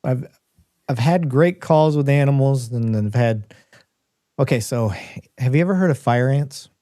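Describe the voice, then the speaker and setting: A middle-aged man co-hosting a live podcast, telling a story in a casual, animated way with bursts of laughter. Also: mid-range voice, moderate pace, no echo, clean studio sound. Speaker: podcast co-host.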